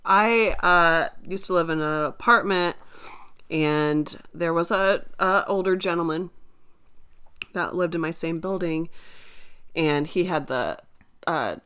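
Woman cohost on a chatty podcast, talks slow, laid back stories. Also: lowish voice, smooth. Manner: relaxed storytelling, laughs along. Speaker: podcast co-host. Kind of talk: casual chat.

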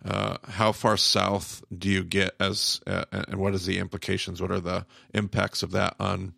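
Male podcast co-host, gravelly, halting and reflective, dry studio sound. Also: sits low, level tone, bright, forceful tone, dry recording. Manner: thoughtful, halting, searching for words. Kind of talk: casual discussion.

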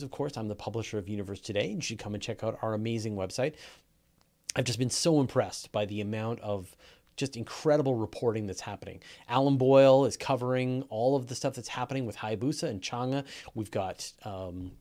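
A Canadian-accented man hosts a live question show for a podcast, speaking with enthusiasm and plenty of fillers and restarts. His voice is medium in pitch with a dark tone.

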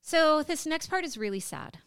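An American woman in her thirties, co-hosting a podcast and telling a story in a casual, emotional way, with halting speech and lots of fillers. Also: high voice, expressive, a bit bright, no room sound, clean studio sound. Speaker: podcast co-host.

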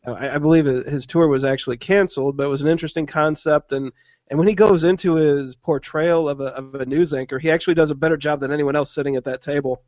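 A man's voice: fairly high pitch, steady tone, fast talker, darkish tone, dry recording. A man hosting a casual podcast, earnest and often stumbling over his words and restarting. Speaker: podcast host.

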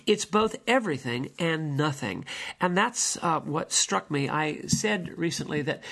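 A man's voice: a little high, vocal fry, fairly bright tone. A man hosting his own podcast, musing on old films in a rambling monologue full of ums and restarts. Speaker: podcast host. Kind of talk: film commentary monologue.

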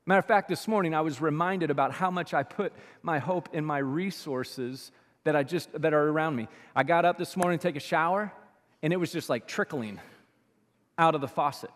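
A man with a high voice preaches a sermon in a church, his words trailing off into a long hall reverb. He talks in a chatty, animated way and jumps between loud, punchy bursts and soft, quiet asides. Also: fairly quick. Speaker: pastor. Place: church sanctuary.

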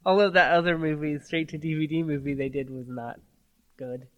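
A man's voice: a little high, steady tone, brisk, fairly bright tone, dull audio. A man co-hosting a casual podcast chat, laid-back and loose in his phrasing. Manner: laid-back, many "like" fillers. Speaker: podcast co-host.

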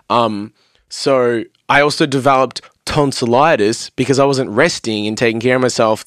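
Heard in studio quality without room sound, a young man with a mid-range voice appears as a guest on a podcast. The vocalist and producer rambles animatedly through sweary stories about singing, speaking into a studio mic on a stand.

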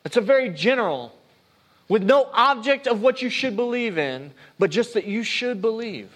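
Male pastor, higher voice, earnest conversational sermon with restarts. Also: lively intonation, moderate pace, a bit bright. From United States.

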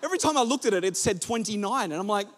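Animated, high-voiced man preaching a sermon. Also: racing. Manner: animated preaching that leads the congregation. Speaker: pastor. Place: church hall with a congregation.

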